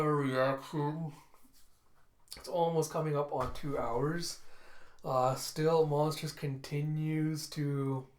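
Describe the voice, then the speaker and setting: A man's voice: fairly high pitch, a bit bright, a little hiss or hum. A man giving a casual, rambling comic review, full of fillers and self-corrections. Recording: echoey room.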